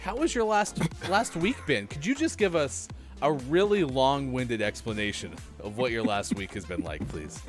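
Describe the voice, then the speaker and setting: A man's voice: medium pitch, very animated, normal speed, faint music behind. Laughing, chatty morning-show host man. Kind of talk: casual live-stream chat.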